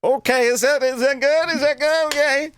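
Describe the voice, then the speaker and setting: A man putting on a squeaky falsetto to play a timid young woman in bed. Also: steady tone, normal speed, a bit bright. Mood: nervous squeak.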